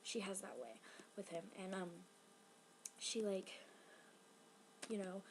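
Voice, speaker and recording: A woman reviewing a TV episode in a casual vlog, rambling and excitable, full of fillers. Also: medium pitch, takes it slowly, background noise.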